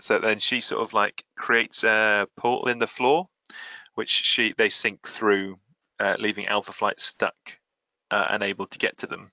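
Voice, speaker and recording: A man's voice: lowish voice, flat delivery, unhurried, bright, forceful tone, dry recording. A man hosting a casual comic-book podcast, recapping the plot with quoted lines and frequent laughs. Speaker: podcast host.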